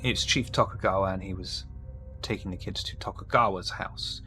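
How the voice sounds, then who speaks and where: Brief: male game master, measured and calm, fairly low voice. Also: soft background music. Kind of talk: narrating a tabletop role-playing game. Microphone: online call.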